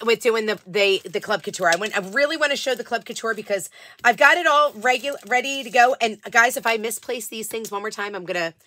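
A woman hosting a casual live craft stream, chatting warmly with viewers and often restarting her sentences. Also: a little high, dry recording. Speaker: live-selling craft host.

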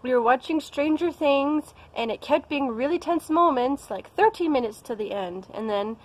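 A woman's voice: high voice, animated, moderate pace, poor audio. A young American woman talking casually in a vlog, chatty and playful. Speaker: vlogger.

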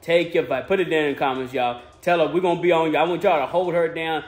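A man's voice: on the high side, fairly even intonation, fast. A man hosting a family vlog in a playful, chatty way, talking straight to the viewers. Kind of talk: casual vlog chat.

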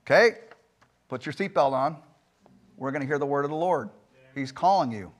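A male pastor preaching a sermon in a church, emphatic, firing rhetorical questions and swinging between loud and soft delivery. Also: a little high, animated, normal speed. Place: church sanctuary.

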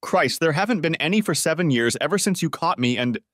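A man's voice: fairly high pitch, expressive, a little fast, fairly bright tone, no room sound, clean studio sound, pitched above the performer's own voice. A male narrator voicing a resentful husband who talks in an exasperated, defensive way.

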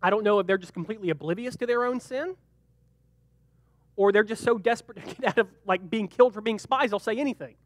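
A young man leading a youth group Bible lesson, joking and animated, briefly acting out the characters in the story. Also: sits high, dry recording. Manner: animated and joking, acts out quick character voices. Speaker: youth pastor.

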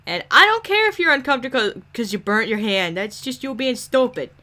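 A woman's voice: a little high, very animated, fairly quick, bright, forceful tone. A woman giving casual gameplay commentary, sarcastic and profane, ordering game characters around and muttering asides. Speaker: gaming YouTuber.

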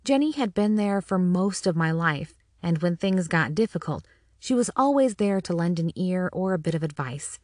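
Woman audiobook narrator, wry humor, first-person, lowish voice, dry close sound. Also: animated, moderate pace, a little mellow, no room sound.

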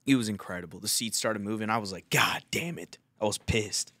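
A man's voice: on the low side, fairly even intonation, fast, a bit bright, no room sound. A young man hosting a podcast, telling a rambling, profane story in casual chat. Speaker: podcast host.

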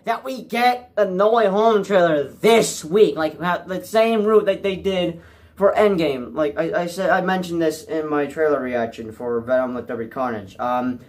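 A young man vlogging as a movie fan, anxious and exasperated, repeating himself and swinging from low mutters to cries. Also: normal speed. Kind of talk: frantic solo rant.

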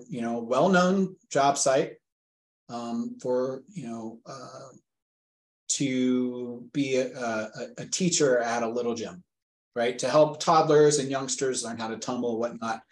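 A man in his forties, a father being interviewed, retelling a frightening phone call earnestly and vividly. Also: medium pitch. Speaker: guest, a father telling of a scam call. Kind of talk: interview storytelling. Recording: echoey room sound.

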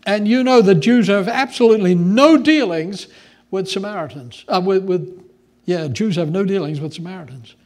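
Preaching at a moderate pace, a male pastor uses a fairly high voice. He keeps the sermon animated and conversational, moving smoothly from scriptural explanation to storytelling.

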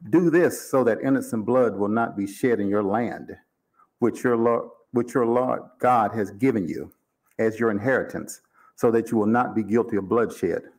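A man reading aloud, voicing a calm, formal mortician who speaks with polite, amused menace. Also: fairly low pitch, lightly acted. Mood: cool menace. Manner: measured, formal, coolly amused. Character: calm, cold-blooded older male mortician, polite and menacing.

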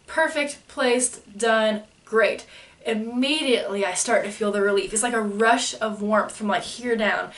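A woman, telling a personal story in a chatty, animated way and acting out the people she quotes. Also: a little high, unhurried, distant mic. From United States. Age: 20s. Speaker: vlogger. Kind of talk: casual storytelling.

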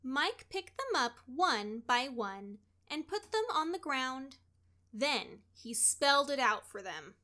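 Using a high voice, a female storybook reader brings a children's story to life with deliberate, expressive narration.

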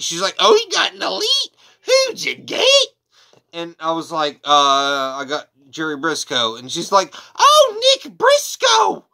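A man's voice: fairly high pitch, sharp tone. A man chatting casually at home on his couch, a wrestling figure collector who rambles and throws in crude jokey asides. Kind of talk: casual unboxing chat.

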